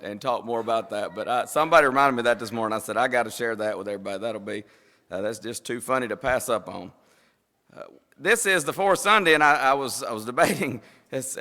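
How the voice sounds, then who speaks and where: A man with a Southern US accent gives a sermon, his bright, forward voice carrying a long reverb from the church hall around him. He talks in a folksy, rambling way, with chuckles running through his stories. His pitch stays in the middle for a man. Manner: folksy, rambling, laughs while telling stories. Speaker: preacher. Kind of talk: sermon with storytelling. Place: church sanctuary.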